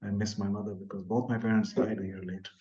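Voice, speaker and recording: Older guest from India, mellow earnest storyteller, muffled lo-fi audio. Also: male voice, lowish voice, flat delivery, fast. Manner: earnest, soft-spoken, trailing off at phrase ends. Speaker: podcast guest, author. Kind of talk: reflective storytelling in an interview.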